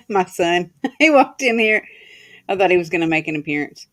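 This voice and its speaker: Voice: medium pitch, animated, moderate pace, fairly bright tone. A livestream host on a video call, chatting casually, laughing often and reading out viewer comments.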